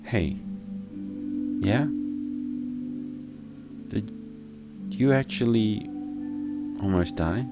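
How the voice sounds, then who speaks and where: A man's voice: fairly low pitch, expressive, very slow, long pauses, loud music behind the voice, voice pushed up, exaggerated voice. A man reading a kind young woman roommate. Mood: gentle.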